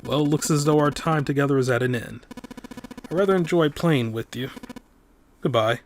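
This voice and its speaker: A man voicing a cold, sadistic older male villain who speaks with calm, formal, mocking menace. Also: fairly high pitch, normal speed, a little hiss or hum, natural voice. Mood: coldly menacing.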